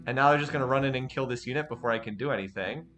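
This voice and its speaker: A man commentating his strategy game as he plays, halting and repeating himself when frustrated. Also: mid-range voice, a bit bright, faint music behind. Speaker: game streamer. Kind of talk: let's play commentary.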